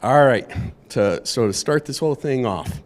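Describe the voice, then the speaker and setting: A man who is a construction safety manager, presenting at a conference in a relaxed, conversational way with frequent fillers. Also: medium pitch, normal speed. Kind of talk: conference presentation with a joke opener.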